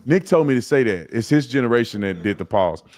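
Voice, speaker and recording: A man's voice: mid-range voice, lively intonation, brisk, a little mellow. A man talking combatively on a show, repeating taunts at someone he plans to confront.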